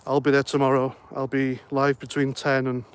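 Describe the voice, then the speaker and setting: A man's voice: medium pitch, monotone, normal speed, clean tone. A middle-aged man hosting a casual livestream, reading out comments and chatting in a rambling, jokey way, a little out of breath. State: slightly out of breath. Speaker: livestream host.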